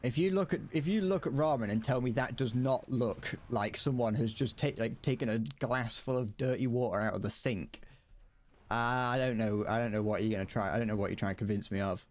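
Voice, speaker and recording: A man's voice: mid-range voice, brisk. A man with a British accent chatting casually while streaming a game, rambling, restarting his sentences and chuckling often. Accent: British English.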